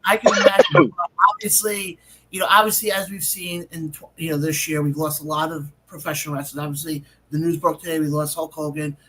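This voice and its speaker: A man's voice: fairly high pitch, steady tone, brisk, bright, forceful tone, a little hiss or hum, poor audio. A man hosting a casual interview, setting up his questions in a conversational way. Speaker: host.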